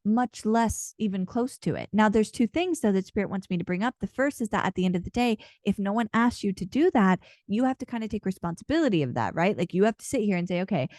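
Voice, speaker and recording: A woman with a mellow, warm voice talks through a channeled card reading. She speaks casually and earnestly, rambling with plenty of fillers. Her voice sounds close and dry, with no room around it. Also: medium pitch, lively intonation, fast talker, few pauses, no echo. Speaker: intuitive card reader and channeler.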